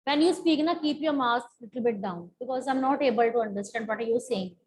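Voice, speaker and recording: A woman's voice: fairly high pitch, fairly quick, darkish tone, low-quality recording. A woman teacher with an Indian English accent, leading a class lesson, repeating her questions and coaxing her students to answer.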